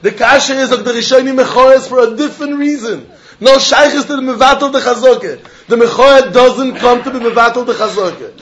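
A man teaching a Talmud class, arguing through the text in an animated way and throwing pointed questions at his students. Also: very high-pitched, brisk, lo-fi sound, slight background noise. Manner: animated, argumentative, mixing Yiddish and Hebrew terms into English.

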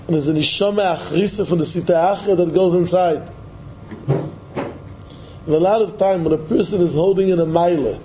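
Male Torah lecturer, lively sing-song preaching, slightly high voice over faint room noise. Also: rough recording. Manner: animated, repetitive, sing-song emphasis, mixes Hebrew and Yiddish terms. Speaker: Torah teacher. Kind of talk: Yiddish-inflected Torah lecture.

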